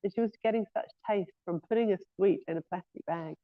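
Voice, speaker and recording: A woman's voice: medium pitch, fast. A woman giving an informal scripture class in a temple, speaking hesitantly with frequent "um" and "yeah" fillers. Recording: thin phone-like lo-fi audio.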